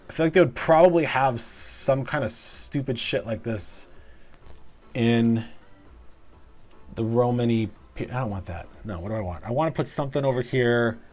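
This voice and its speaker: While playing a building game, a man comments casually into a clip-on mic, mumbling, swearing and making jokes at his own expense. His mid-range voice is a little mellow and moves at normal speed, with faint music in the background.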